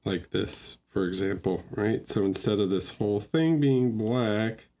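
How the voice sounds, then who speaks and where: A man giving relaxed, think-aloud feedback on miniature painting during a livestream, chatting with viewers as he goes. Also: lowish voice, unhurried. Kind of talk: casual livestream critique.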